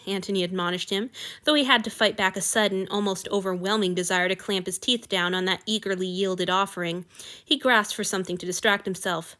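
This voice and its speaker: Bright-voiced woman narrating an audiobook. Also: mid-range voice, fairly quick. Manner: expressive storytelling. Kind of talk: audiobook fan fiction reading.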